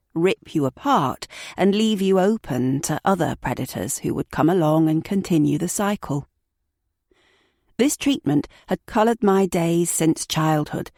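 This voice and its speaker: Woman narrator, low-pitched, very slow and measured, dry close sound, true crime audiobook. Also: darkish tone, dry recording. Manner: slow, measured, sombre reading.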